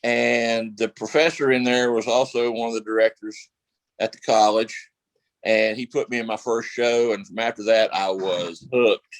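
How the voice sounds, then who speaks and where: A man's voice: lowish voice, steady tone, moderate pace, dry recording, low-quality recording. A male actor guest telling stories in a casual interview, rambling with lots of fillers and restarts.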